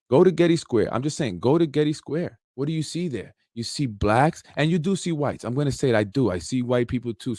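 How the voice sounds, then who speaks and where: A man with a medium-pitched, slightly mellow voice hosts an unfiltered political talk show from Yonkers, New York, ranting off the cuff. He circles back to his points repeatedly, says "you know" a lot, and throws in sarcastic jabs. His voice sounds dry and close, with no room sound around it.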